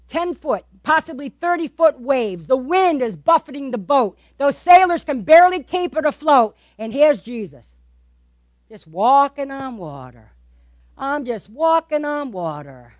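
High-voiced woman preaching with animated questions. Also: dry recording. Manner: animated, repeats words for emphasis, asks the audience questions. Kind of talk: sermon.

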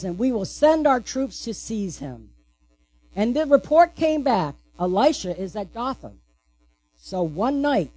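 A woman's voice: sits high, a little mellow, no echo. A woman pastor giving a sermon, asking the congregation questions and answering them playfully.

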